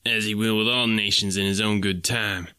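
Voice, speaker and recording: A man's voice: lowish voice, steady tone, moderate pace, sharp tone, clear, resonant tone, dry recording, studio quality. A man doing a nasal, preachy young suitor. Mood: smirking. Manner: preachy, smirking. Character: boastful young male suitor, sanctimonious.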